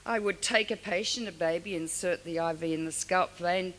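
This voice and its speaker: A woman's voice: on the low side, moderate pace. An older woman from Australia giving a frank, storytelling award speech to an audience. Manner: frank, storytelling, animated asides. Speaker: award speaker. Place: large hall. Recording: long hall reverb, faint hiss.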